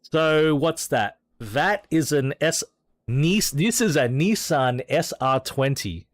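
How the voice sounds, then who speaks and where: A man's voice: a little high, animated, takes it slowly, no echo. An Australian man chatting casually as he streams a racing game, rambling with hesitations and restarts. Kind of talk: casual gameplay commentary.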